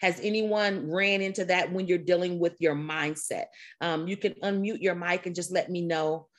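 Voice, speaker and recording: A woman leads an online group session, her voice slightly strained. She talks in an energetic, conversational way, repeating herself and laughing often, heard through a computer mic. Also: fairly low pitch, normal speed. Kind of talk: motivational talk to a group.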